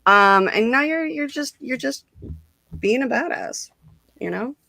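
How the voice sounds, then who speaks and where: A woman's voice: sits high, lively intonation, measured pace, gravelly, sharp tone, no room sound. A woman hosting a casual livestream interview, telling stories in a bubbly, giggly way with lots of "like". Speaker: host.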